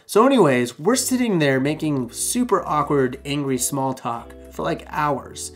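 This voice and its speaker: A man in his thirties tells stories to the camera in an animated, joking way, breaking off for quick asides. He acts out what people said along the way. Faint music plays softly behind him. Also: on the high side. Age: 30s. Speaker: short-term rental host. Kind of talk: casual storytelling vlog.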